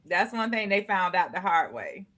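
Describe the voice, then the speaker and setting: A woman hosting a casual talk show, lively and quick to laugh. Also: lowish voice. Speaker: host.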